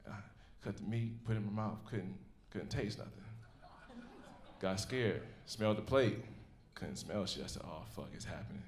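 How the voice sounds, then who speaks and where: On a comedy club stage, a man in his thirties with a fairly low voice delivers a profane stand-up set at a moderate pace. He tells animated stories punctuated by laughter, captured with roomy live club sound and slight background noise.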